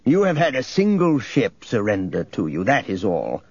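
A heavy, smug imperial governor with a placid, condescending calm, as a man reads him aloud. The voice is husky and the recording sounds slightly dull. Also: fairly low pitch, moderate pace, exaggerated voice.

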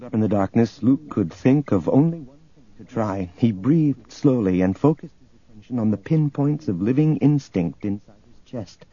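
A man narrating an audiobook in a steady, measured reading. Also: mid-range voice, muffled recording. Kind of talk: scripted narration.

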